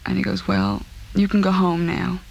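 In an interview, a woman recounts a personal ordeal, halting, subdued, and repeating herself. Her voice is lowish, gravelly, and darkish, her delivery flat, and the recording is muffled.

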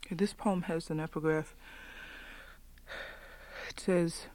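Woman reading poems slowly and deliberately. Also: lowish voice, fairly even intonation, a little mellow. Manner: slow, measured delivery with deliberate pauses. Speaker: poet. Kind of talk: poetry reading.

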